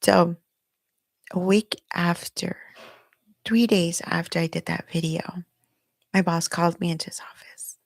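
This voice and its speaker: A middle-aged woman hosts her own podcast, recording herself on video at home as she tells a personal story candidly and emotionally in a confessional monologue. Her voice is fairly low with fairly even intonation, a little slow, with vocal fry and long pauses, and the recording is dry.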